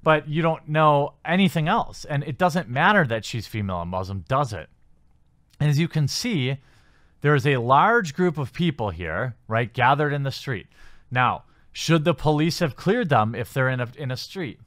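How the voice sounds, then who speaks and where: A man's voice: mid-range voice, expressive, normal speed, a bit bright, dry recording, studio quality. A man hosting a commentary channel, reading news articles aloud and picking them apart with sarcastic, skeptical remarks and many fillers.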